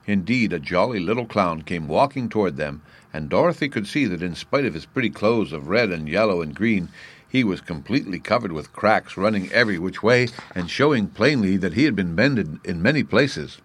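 A man narrating a classic storybook chapter in a measured, even way. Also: low-pitched, slightly rough. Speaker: audiobook narrator.

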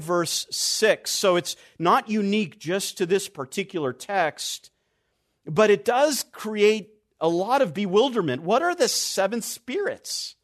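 A man delivers an expository sermon in a fairly high voice. He speaks slowly and deliberately, leaning on key words. His phrases sink low and soft at their close. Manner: slow, deliberate emphasis, dropping low and quiet at phrase ends. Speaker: preacher.

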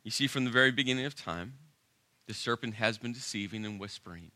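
This pastor's sermon is animated and emphatic, marked by dramatic pauses. He has a mid-range voice with a very bright, forceful edge, and the sound is close and dry.

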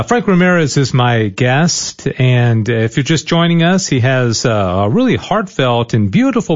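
Male interview host, halting questions, mid-pitched voice, muffled sound. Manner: halting questions with many restarts. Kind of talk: conversational interview.

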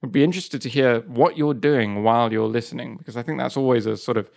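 A man of middle pitch co-hosting a podcast, talking freely in casual chat. He laughs easily and likes to tease his partner. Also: fast talker, creaky, darkish tone. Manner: chatty, laughs easily, teasing. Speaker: podcast co-host.

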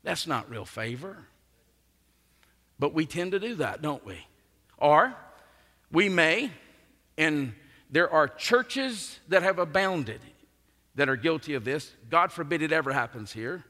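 A man preaching a sermon as pastor, earnest and emphatic, with his voice swinging between forceful rises and quiet drops. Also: on the high side, animated, unhurried. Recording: long reverb of a large hall.

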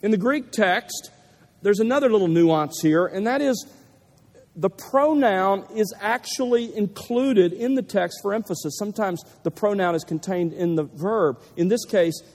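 A male pastor delivers a sermon with a fairly high voice, hammering key phrases with deliberate emphasis. His voice rings through a large auditorium, trailing a long reverb. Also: darkish tone. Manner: emphatic, building to stressed repetitions.

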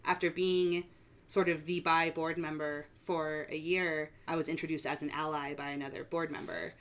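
A young adult woman telling her own story as a podcast guest, relaxed and chatty with many fillers. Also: sits low, normal speed. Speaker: guest sharing a coming-out story. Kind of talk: casual podcast conversation.

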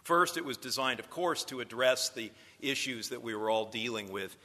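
A man's voice: medium pitch, lively intonation, normal speed, pushed and bright, big-room sound. A man lecturing future preachers in a sermon style, telling stories and building to emphatic points.

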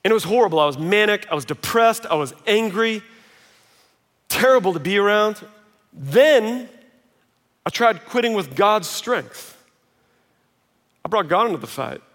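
Male pastor, high-pitched, casual and joking from the pulpit, recorded in a big reverberant auditorium. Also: unhurried, long pauses. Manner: conversational, self-mocking, animated quoting. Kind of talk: sermon. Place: large auditorium. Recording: long reverb of a large hall.

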